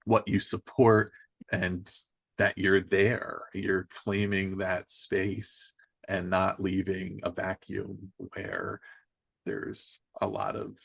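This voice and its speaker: Low gravelly-voiced male podcast host. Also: slow, a bit bright, no echo. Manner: thinking aloud, restarts, builds on the guest's points. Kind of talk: conversational podcast interview.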